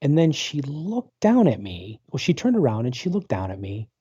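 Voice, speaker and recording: This talk show guest, a paranormal researcher in his forties, rambles through a personal story with lots of fillers and restarts in a casual interview over video call. His mid-range voice is warm and slightly rough, swooping wildly in pitch at a normal speed. The recording is dry, and the call audio is dull and lo-fi.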